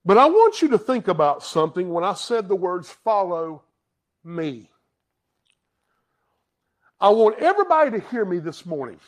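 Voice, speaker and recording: A man who pastors a church, preaching a sermon with emphatic swings from loud declarations to hushed asides. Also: high voice, wildly swooping pitch, fast, few pauses. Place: church sanctuary.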